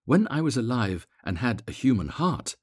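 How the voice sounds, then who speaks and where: A man's voice: big pitch swings, moderate pace, a little mellow, no room sound, clean studio sound. A man as a weeping golden statue prince. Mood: sorrowful. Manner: low, musical, grave. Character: sorrowful gilded statue of a prince.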